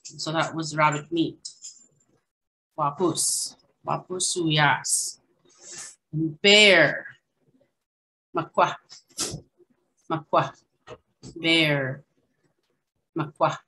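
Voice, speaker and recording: Slow, bright-voiced woman teaching vocabulary. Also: deep voice, poor audio. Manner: slow, repeats each word carefully, casual asides. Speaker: language teacher. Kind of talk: online language lesson.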